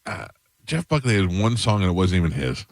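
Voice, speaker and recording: A man's voice: deep voice, very animated, fairly quick, dry recording. A man hosting a radio talk show in the studio, blunt and joking as he cuts in on his co-hosts.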